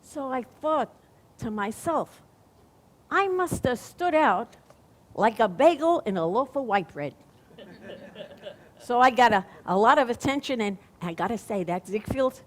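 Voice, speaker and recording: An actress playing a chatty, wisecracking stage comedienne with a Brooklyn accent, in a one-woman stage monologue. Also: mid-range voice. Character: Fanny Brice, wisecracking female stage comedienne. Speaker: stage performer. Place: theater stage.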